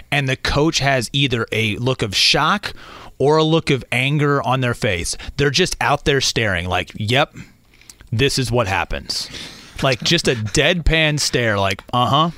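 Animated male sports radio host. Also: mid-range voice, no room sound. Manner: animated storyteller, acts out deadpan quotes. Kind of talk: casual sports talk.

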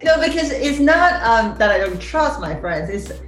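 Halting woman director in a roomy space. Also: on the high side, very animated, a bit bright, soft background music. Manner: halting, many restarts and fillers. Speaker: film director, interview guest. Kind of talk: casual interview answer. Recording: roomy sound.

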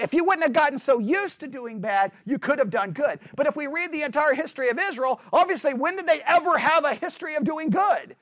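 A man preaching an animated sermon, full of rhetorical questions and acted-out voices of churchgoers. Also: extremely high pitch, no echo.

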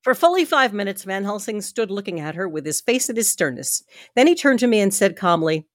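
A woman reads a novel aloud at home in a steady narrating voice, with small stumbles along the way. The sound is dry and close. Her pitch sits in a middle range. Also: a little fast, dry recording. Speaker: host reading a novel aloud. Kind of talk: reading aloud with chat.

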